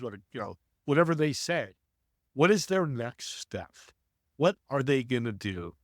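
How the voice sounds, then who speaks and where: Man, podcast guest, energetic storyteller, preachy, mid pitch, dry close sound. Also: measured pace, dry recording. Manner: energetic, preachy, speaks to the audience. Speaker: podcast guest, networking coach. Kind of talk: conversational storytelling.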